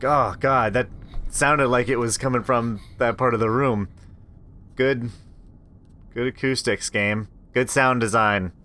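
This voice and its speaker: A man's voice: mid-range voice, a little slow. A man reading a horror visual novel aloud, reacting and joking between lines, into a desktop microphone. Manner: expressive, reacts aloud, swears. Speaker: let's play host.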